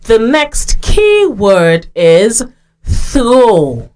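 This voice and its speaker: A woman with a Sierra Leonean accent teaching a radio reading lesson for young children, clearly sounding out syllables and letters. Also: a little high, wildly swooping pitch, drawn-out words, darkish tone.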